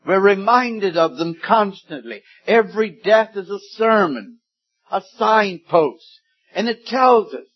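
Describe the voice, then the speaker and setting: A man in his seventies delivers a sermon at an unhurried pace, his voice sitting slightly high. He stays deliberate and weighty, then rises suddenly into loud emphatic peaks. The recording sounds dull and lo-fi. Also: animated. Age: 70s. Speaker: preacher.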